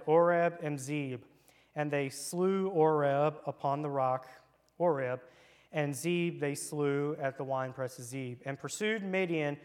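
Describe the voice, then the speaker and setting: A man's voice: a little high, clean tone. Playful man leading a kids' Bible lesson. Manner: playful, joking, casual. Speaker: children's church leader. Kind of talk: interactive Bible lesson for kids. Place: church room with children present.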